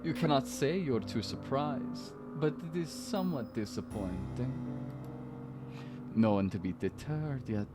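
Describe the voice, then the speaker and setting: A brooding narrator with a thick put-on Eastern European vampire accent, as a man reads it, throaty air dragged low in the throat. The lines come slow and dramatic, with music playing behind. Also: animated, close to an everyday voice. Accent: generalized Eastern European vampire accent, put on.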